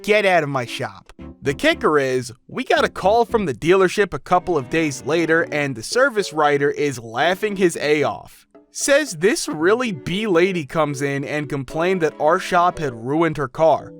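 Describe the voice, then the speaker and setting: A man reading out customer stories in an even storytelling manner. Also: fairly high pitch, normal speed. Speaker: narrator. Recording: faint music behind.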